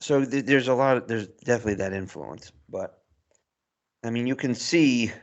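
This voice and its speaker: A man's voice: mid-range voice, moderate pace, lo-fi sound. A man co-hosting a podcast, chatting casually and rambling with chuckles. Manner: rambling, chuckles through points. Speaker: podcast co-host. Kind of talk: casual chat.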